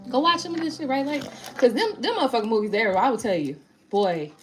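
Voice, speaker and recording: A woman's voice: on the high side, animated, fast, fairly bright tone, faint music behind. A woman tarot reader on a live stream, reading viewer comments in rambling, casual talk full of swearing and tag questions.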